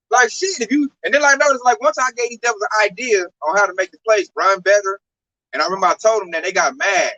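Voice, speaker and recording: Bright-toned guy preaching casual, swears a lot, gets worked up. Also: high voice, quick pace, poor audio. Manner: animated, profane and preachy. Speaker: religious talk show speaker.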